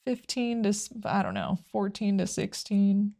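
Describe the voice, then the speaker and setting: A woman who streams games, co-hosting a podcast and chatting casually in a relaxed, matter-of-fact way. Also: medium pitch, a little slow, gravelly. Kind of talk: casual chat about a video game.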